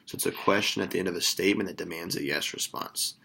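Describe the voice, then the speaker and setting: Male sales trainer, energetic and encouraging, quick, crisp delivery. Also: low-pitched. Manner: energetic, upbeat, praising. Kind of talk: sales script coaching.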